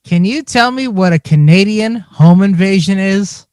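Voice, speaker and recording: A man's voice: high-pitched, unhurried, a little mellow, clear, resonant tone, dry recording. A man co-hosting a comedy podcast, quizzing the others on crude slang definitions. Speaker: podcast co-host running a quiz segment.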